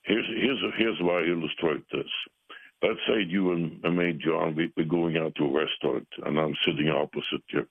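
Very deep gravelly man on a phone line. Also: fairly even intonation, no room sound. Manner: earnest, halting with many fillers. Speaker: pastor and author, guest. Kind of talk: radio call-in conversation. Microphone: telephone.

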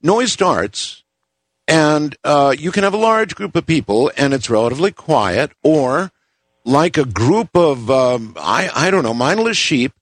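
A man hosting a talk show, chatting casually with halting, drawn-out phrasing and many pauses. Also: a little high, lively intonation, dry recording. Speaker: radio talk show host. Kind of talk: casual interview chat.

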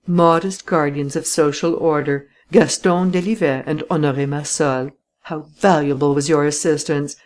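A reader giving measured, dramatic first-person audiobook narration. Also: medium pitch, fairly even intonation.

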